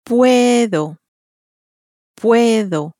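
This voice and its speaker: A woman pronounces lone example words very slowly for learners. Each word is deliberate and carefully shaped. The sound is close and dry, with no room around it. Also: fairly high pitch, lively intonation, mellow, no room sound. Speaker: model speaker for pronunciation. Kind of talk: pronunciation examples.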